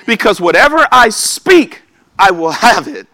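High-voiced preacher guy, bright and lively, swings way up and down, dry close sound. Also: a little slow, no echo. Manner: emphatic, calls for amen, bursts of shouting. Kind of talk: sermon.

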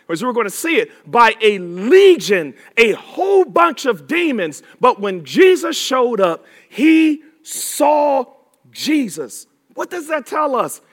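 A man preaching a sermon with emphatic repetition, drawing words out and rising to shouts. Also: very high voice.

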